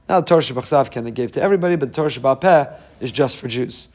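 A man teaching Torah in a relaxed, chatty way, poking fun at himself as he goes. His mid-pitched voice jumps up sharply when he stresses a point. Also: rapid-fire, few pauses. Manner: humorous, self-deprecating, conversational. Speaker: Jewish religious teacher. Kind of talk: informal Torah talk.

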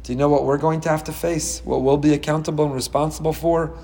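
Animated male rabbi in an echoey hall. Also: on the high side. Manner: animated, dramatic storytelling with quick asides. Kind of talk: Torah class sermon.

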